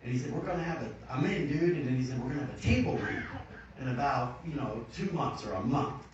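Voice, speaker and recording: A man's voice: medium pitch, animated, fast talker, a crowd in the background. Brief: male actor at a cinema Q&A, jokey rambling anecdotes, heard from far off in a roomy hall. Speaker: actor on a Q&A panel. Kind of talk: joking panel storytelling. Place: cinema auditorium. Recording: echoey muffled hall audio from far off.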